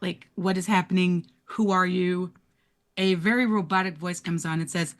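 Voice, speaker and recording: A woman's voice: on the low side, fairly even intonation, moderate pace. A woman running an improvised horror tabletop game as game master, describing scenes in a loose, casual way full of filler words.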